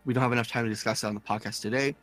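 A man co-hosting a podcast, reading listener comments aloud in a casual, halting way. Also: medium pitch, fairly even intonation, fairly bright tone, faint music behind. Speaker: podcast co-host. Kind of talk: casual chat.

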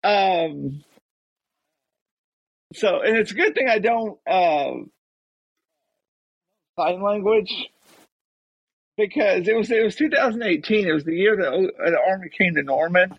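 High, husky male storyteller; casual, dry close sound. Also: unhurried, pauses often, no echo, lo-fi sound. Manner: rambling storyteller with restarts. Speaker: guest telling a story. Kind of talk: casual chat.

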